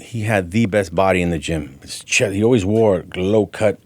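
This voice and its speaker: A man, a gym owner and guest on a podcast, telling a personal story in a lively way. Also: sits low, moderate pace. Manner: animated storyteller, acting out quoted voices. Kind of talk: storytelling in an interview.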